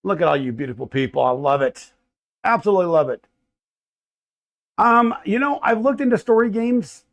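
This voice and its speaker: A fairly high-voiced American man in his thirties chats live to his viewers from a home workshop. He rambles, welcomes people by name and trips over his words as he goes. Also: lively intonation, normal speed, creaky. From United States. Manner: rambling, greets chatters warmly by name, stumbles and restarts. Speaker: livestream host. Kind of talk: casual live chat with viewers.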